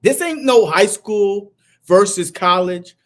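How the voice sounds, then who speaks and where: High-voiced man, playful and teasing. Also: slow pace. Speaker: co-host. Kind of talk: casual sports talk.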